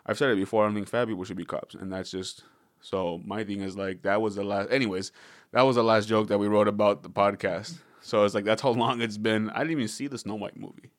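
A man's voice: on the low side, no echo, clean studio sound. A young man hosting a podcast, rambling casually with jokes and swearing. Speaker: podcast host. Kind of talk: casual comedic podcast chat.

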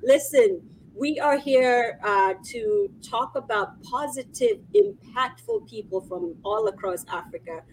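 A woman hosting an online interview show, effusive and warm in her praise, laughing often. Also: on the high side, very animated, measured pace, slight background noise, rough recording. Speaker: host.

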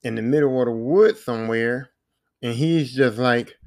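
A man's voice: medium pitch, moderate pace, darkish tone. A man hosting a podcast, retelling a video game's story in a rambling, slangy way with plenty of swearing. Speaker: podcast host. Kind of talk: casual game recap.

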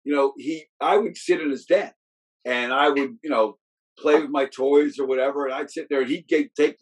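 Man, middle-aged, husky voice, football coach, casual rambling storytelling, frequent restarts. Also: mid-range voice, steady tone, normal speed, poor audio. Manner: rambling, with many restarts and fillers.

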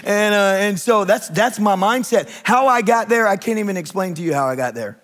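A middle-aged male pastor preaching a sermon, animated and rising to shouts, telling a candid, self-deprecating personal story. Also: high-pitched, a little fast.

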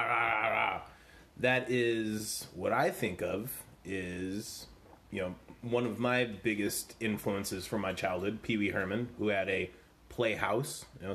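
Lowish-voiced guy rambling, playing dumb on a comedy podcast w his brother. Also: fairly bright tone. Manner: rambling, playfully confused. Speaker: podcast co-host. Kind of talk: casual comedic chat.

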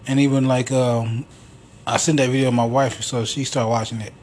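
A man hosts a solo podcast, telling stories in a rambling, profane, casual monologue. His mid-range voice has little pitch movement, a moderate pace, and a darkish tone, with some hiss or hum in the audio.

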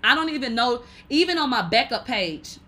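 A woman hosting a casual livestream, reading viewer comments aloud in a brash, profane way and laughing loudly often. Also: a little high, animated, moderate pace. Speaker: livestream host.

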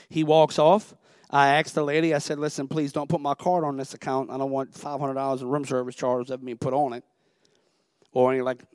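Young guy preaching, chatty storytelling, voice a bit high, dry close sound. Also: dry recording. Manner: conversational storytelling, Southern phrasing. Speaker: pastor. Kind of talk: sermon with personal story.

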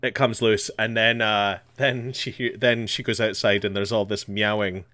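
A man's voice: fairly low pitch, a little slow, dry recording. A man in casual chat, laughing often and chiming in as he retells a show. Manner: lively, laughs often, chimes in with agreement.

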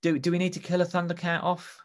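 A man's voice: sits high, monotone, quick pace. A man chatting casually, rambling enthusiastically with many restarts. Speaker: podcast co-host. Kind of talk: casual comedic chat.

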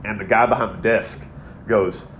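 A man's voice: lowish voice, steady tone, moderate pace, a bit bright, slight background noise. A man in his thirties co-hosting a podcast, telling a long, rambling, profane story in casual chat. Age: 30s. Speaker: podcast co-host.

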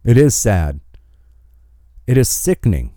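A male podcast host rants with angry emphasis, his pitch swinging widely from line to line. The recording is dry and close, with no room sound. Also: very animated, measured pace, dark tone, no room sound. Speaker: commentary host. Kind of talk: opinion podcast monologue.

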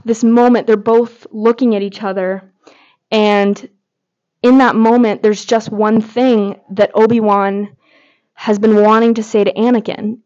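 A woman's voice: mid-range voice, a little mellow. A woman hosting a podcast, giving casual fan commentary in a gushing way with lots of filler words. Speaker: podcast host. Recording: slightly dull lo-fi audio.

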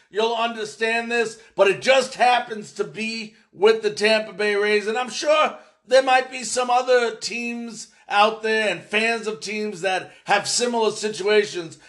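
A man hosting a solo sports podcast, talking in an animated, emphatic way and ranting at times. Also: high-pitched.

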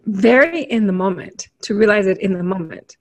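A woman's voice: mid-range voice, normal speed. A woman leading a self-help panel discussion, reading points from a list and asking the group encouraging questions. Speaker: group facilitator.

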